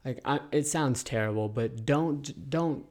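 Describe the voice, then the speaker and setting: A man co-hosting a relaxed podcast, talking quickly and earnestly as he hands out advice. His speech is informal and peppered with casual swearing, at an ordinary middle pitch. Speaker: podcast co-host. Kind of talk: casual chat.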